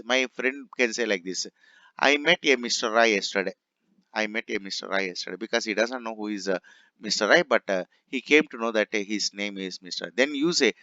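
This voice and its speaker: A male teacher gives a classroom grammar lecture, repeating every example slowly so it sinks in. His voice sits at an ordinary middle pitch. The recording is dull and lo-fi, with a dry, close sound and no room echo. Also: bright, forceful tone. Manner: repeats each example sentence twice, explaining patiently. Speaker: English teacher.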